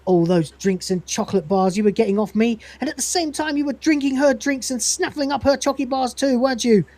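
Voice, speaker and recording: A man doing a jealous, shrill vending machine. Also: lively intonation, normal speed, a little mellow, no echo. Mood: accusing. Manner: shrill, accusing, melodramatic.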